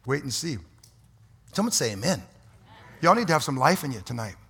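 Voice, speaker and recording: A man preaching a fiery, folksy sermon as pastor in a church, swinging from quiet asides to loud exhortation. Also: medium pitch, big pitch swings, fairly quick, creaky, breathy edge. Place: church sanctuary.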